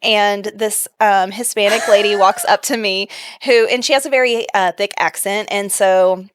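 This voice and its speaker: A young adult woman co-hosting a podcast, telling stories in an animated way, often laughing. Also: medium pitch, moderate pace, smooth, no echo. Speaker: podcast co-host. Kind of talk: casual chat.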